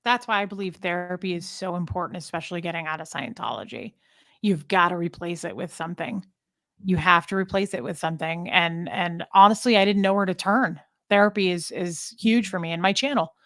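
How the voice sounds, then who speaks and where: A woman's voice: lowish voice, brisk, fairly bright tone, no echo, studio quality. Blunt, emotional woman hosting a chat. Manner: emotional, blunt, swears casually. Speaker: podcast host. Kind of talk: candid conversational chat.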